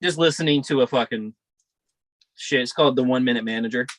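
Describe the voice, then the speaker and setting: A man's voice: mid-range voice, a little fast, a bit bright, no room sound. Profane, rambling young man telling stories. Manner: profane, rambling, laid-back storytelling. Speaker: podcast co-host. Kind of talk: casual storytelling chat.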